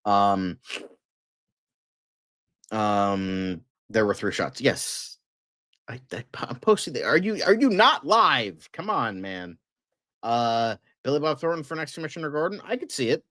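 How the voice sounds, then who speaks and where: A man hosting a casual fan news livestream, excitable and rambling, with lots of fillers and frequent swearing. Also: mid-range voice, unhurried, no echo, clean studio sound.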